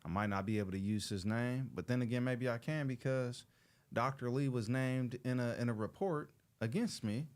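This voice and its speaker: Animated, slangy man telling a story. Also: mid-range voice, moderate pace, clear, resonant tone. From Los Angeles. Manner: animated, slangy storyteller who acts out quoted people. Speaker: show host. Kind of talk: casual storytelling to an audience.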